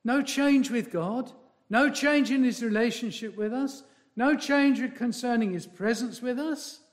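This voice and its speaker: In a very high voice, a man preaches a slow and emphatic sermon, repeating important phrases while swinging between loud pronouncements and hushed asides.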